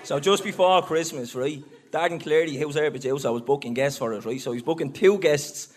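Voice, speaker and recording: A man's voice: a little high, normal speed. A man co-hosting a live podcast, telling stories and acting out the quotes with a laugh. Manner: storytelling, acts out quotes, laughs along. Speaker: podcast co-host. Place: live venue before an audience.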